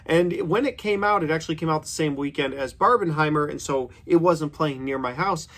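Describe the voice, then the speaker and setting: A man's voice: on the high side, fairly bright tone. A man in his thirties giving a casual, opinionated horror movie review, chatty and full of "like". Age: 30s.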